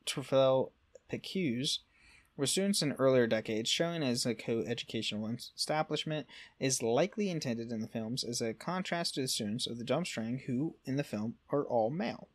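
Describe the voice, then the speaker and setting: Animated and moderately paced, this medium-pitched man co-hosts a laid-back podcast. He works his way through lore notes, often correcting himself, dropping in filler words, and tripping on the French.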